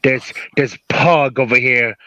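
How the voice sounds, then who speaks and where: A man's voice: mid-range voice, takes it slowly, sharp tone, no room sound. A man prank-calling a live stream, putting on the rambling, crude voice of a famous boxer. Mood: boastful. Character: caller claiming to be boxer, gruff and crude. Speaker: prank caller. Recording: lo-fi call audio.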